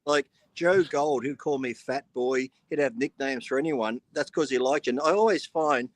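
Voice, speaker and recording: A man's voice: mid-range voice, moderate pace, no echo. A middle-aged man co-hosting a podcast in casual chat, blunt and joking, swearing freely. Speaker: podcast co-host.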